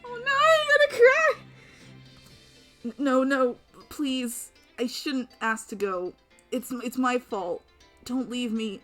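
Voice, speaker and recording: Game character: woman voicing a panicky, pleading young woman, high and strained. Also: fairly even intonation, slow pace, soft background music. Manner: pleading, voice climbing with fear.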